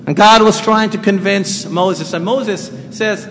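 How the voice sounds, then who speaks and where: A man preaching a sermon in a conversational, animated way, joking with his congregation. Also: sits high, normal speed, few pauses. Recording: long hall reverb, faint ambience.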